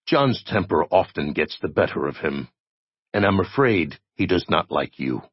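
A man's voice: sits low, expressive, moderate pace, breathy edge, no room sound, dull audio. A man voicing a refined, calculating joker leader who speaks formally and wearily. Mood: apologetic. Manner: formal, weary, polite.

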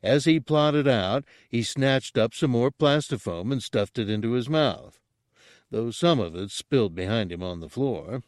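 A man narrating an audiobook in a steady, unhurried storytelling manner. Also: medium pitch, dry recording, clean studio sound.

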